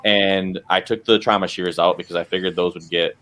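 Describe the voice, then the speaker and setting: A man's voice: low-pitched, steady tone, a little fast, fairly bright tone. A man co-hosting a podcast, chatting casually and rambling through anecdotes. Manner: rambling anecdotes with acted quotes. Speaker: podcast co-host. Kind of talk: casual chat, storytelling.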